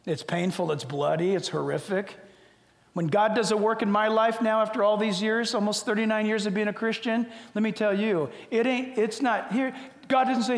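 Older male pastor, high voice, humorous and animated sermon delivery in a reverberant hall. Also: moderate pace. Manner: humorous, animated storytelling with sudden drops to quiet. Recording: echoey hall.

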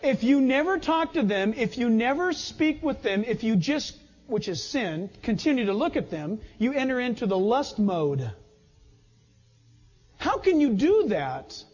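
A man preaching a sermon as a pastor, telling personal stories in an animated way and often laughing. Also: very high-pitched, measured pace, in a large hall, muffled recording.

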